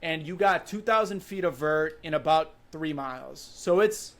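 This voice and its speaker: Here a Wisconsin man in his twenties, guesting on a podcast, talks at a normal speed with a fairly high pitch. He animatedly relays a story in an easygoing way, dropping "like" and "you know" frequently.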